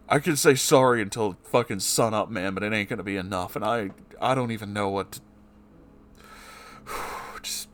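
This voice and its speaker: A man's voice: lowish voice, normal speed, a bit bright, slight background noise. A man reading a story aloud and often breaking off to swear and react angrily. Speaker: story reader.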